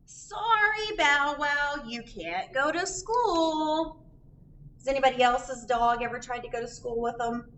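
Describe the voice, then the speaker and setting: A woman reading a picture book aloud for a library storytime, chatting and asking children questions. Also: on the high side. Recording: distant mic, faint background noise.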